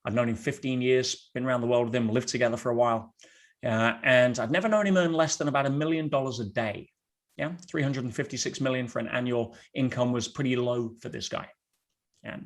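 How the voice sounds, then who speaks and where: A middle-aged man giving a blunt motivational talk to an online audience, telling stories and calling his listeners guys. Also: medium pitch. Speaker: motivational speaker.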